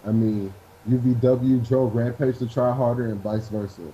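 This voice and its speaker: A man, a wrestler, telling a story in an interview in an animated way and acting out what people said. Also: medium pitch, normal speed, highs cut off, slight background noise. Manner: animated storyteller who acts out quotes.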